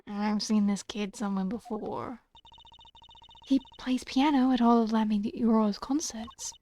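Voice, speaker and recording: A woman's voice: on the high side, measured pace, warm tone. A young woman streamer chatting and muttering asides while playing a story game live. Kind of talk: live let's-play commentary.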